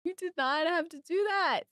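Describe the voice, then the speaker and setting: Young woman gaming streamer, high voice, super excitable, dry close sound. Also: unhurried, no echo. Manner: excitable and gushing, thanking chat. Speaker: game streamer. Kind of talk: casual live-stream chat.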